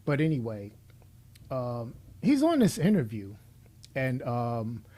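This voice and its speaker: A man's voice: mid-range voice, wildly swooping pitch, takes it slowly, mellow. A middle-aged man delivering a blunt, preachy opinion monologue, speaking straight to the person he is criticizing. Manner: blunt and preachy, addressing his subject directly. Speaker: commentator.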